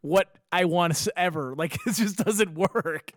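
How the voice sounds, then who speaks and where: A man's voice: sits high, moderate pace, no room sound, studio quality. A young man telling stories in casual podcast chat, acting out both sides of conversations and swearing freely. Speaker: podcast co-host.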